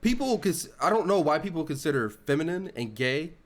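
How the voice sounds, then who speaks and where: A man's voice: a little high, big pitch swings, fairly quick, a crowd in the background. A man in a casual group discussion, blunt and emphatic with his opinions.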